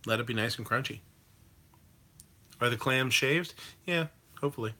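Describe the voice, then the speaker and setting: A man's voice: medium pitch, moderate pace, pushed and bright. A man hosting a livestream, chatting casually and rambling with fillers and swearing while reacting to viewer comments. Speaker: livestream host reading chat. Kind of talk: casual chat.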